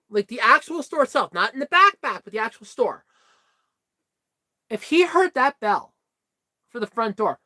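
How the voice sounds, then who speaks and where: A woman vlogger telling stories in a casual chat, animated, swearing freely and laughing often. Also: a little high, no echo.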